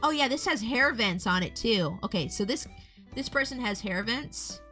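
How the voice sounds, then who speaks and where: Chatty bright-voiced woman streamer. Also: fairly high pitch, animated, moderate pace, faint music behind. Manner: chatty, rambling, greets chat viewers. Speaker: VTuber artist streaming a model demo. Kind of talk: casual live stream chat.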